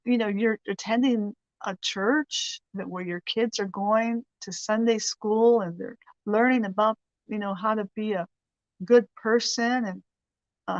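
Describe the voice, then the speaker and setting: Slow, rambling woman giving faith talk. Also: fairly high pitch, no echo, lo-fi sound. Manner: rambling and chatty, with frequent laughs. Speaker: host of a weekly prayer show. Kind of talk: casual faith teaching.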